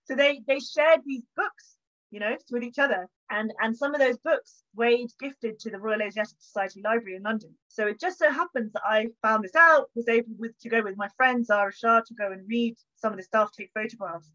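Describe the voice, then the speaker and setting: A woman historian speaks from her home with a fairly high voice, animated and chatty as she tells stories. She acts out the little exchanges she describes. The audio is dull and lo-fi. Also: brisk. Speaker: historian guest. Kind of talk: conversational interview. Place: home, bookshelf behind her.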